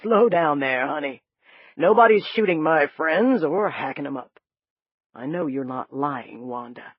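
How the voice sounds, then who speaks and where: A narrator voicing a folksy, gruff but kind older man in an audiobook, talking in a plain-spoken drawl. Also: medium pitch, expressive, measured pace, dry recording, dull audio. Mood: reassuring. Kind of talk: audiobook character voice.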